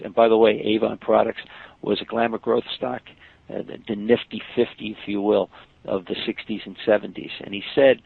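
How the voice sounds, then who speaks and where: A man's voice: on the low side, steady tone, normal speed, creaky, slightly rough, dry recording. An older man, a market technician telling stories in a podcast interview, emphatic and full of fillers. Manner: storytelling, emphatic, many fillers. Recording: dry, tinny phone-like line.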